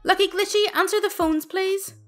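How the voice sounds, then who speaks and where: Girl doing a snippy bossy customer service boss lady, high voice, faint music behind. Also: very animated, a little fast, fairly bright tone. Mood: demanding. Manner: curt, bossy. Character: condescending woman head of customer service.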